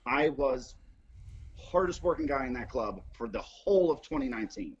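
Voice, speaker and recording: A man's voice: normal speed, crowd noise. A man hosting a live show, casually telling a story and acting out the quotes with big jumps in his voice. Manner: animated, acts out quotes with big pitch jumps, swears freely. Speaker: host. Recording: dull lo-fi sound.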